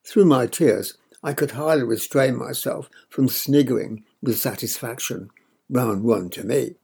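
Gravelly older male narrator. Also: medium pitch, darkish tone. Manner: measured, wry storytelling. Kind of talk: audiobook memoir reading.

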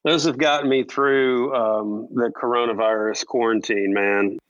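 A man's voice: mid-range voice, steady tone, a little slow, dry recording, dull audio. A man co-hosting a casual sports podcast, talking in a playful, teasing way and laughing often. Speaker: podcast co-host.

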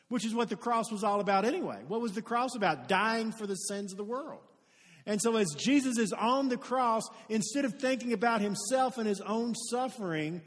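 Male pastor, high voice, earnest sermon in a church hall with long reverb. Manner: earnest storytelling, rising to emphatic peaks. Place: church sanctuary.

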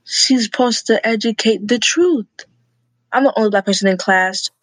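A woman's voice: fairly high pitch, moderate pace, no echo, poor audio. A girl of about twelve telling her aunt about school, frank, outspoken and upset. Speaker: niece. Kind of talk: casual family conversation.

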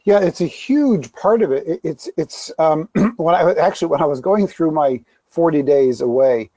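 A pastor talks candidly in an interview, poking fun at himself and acting out little quoted scenes. His voice sits a bit high but is warm and relaxed. The sound is dry and dull. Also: normal speed, dry recording. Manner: candid, self-deprecating, storytelling with quoted asides. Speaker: pastor, guest. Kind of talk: conversational interview.

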